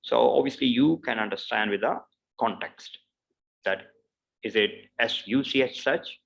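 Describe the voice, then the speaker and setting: The recording is poor, capturing a man whose mid-range voice sounds creaky and fairly bright. He's leading a pronunciation lesson, patiently repeating each example word several times at a slow pace and filling his explanations with "uh" and "obviously."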